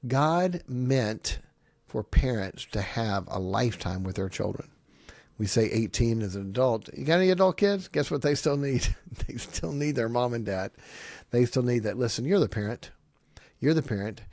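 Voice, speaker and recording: A middle-aged man with a gravelly edge to his mid-pitched voice, preaching family advice in short, punchy, repeated phrases. He talks into a dry, close mic with no room sound. His delivery is emphatic and lively. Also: normal speed, no room sound. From grew up on a farm. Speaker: podcast host giving family advice. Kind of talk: preaching-style advice talk.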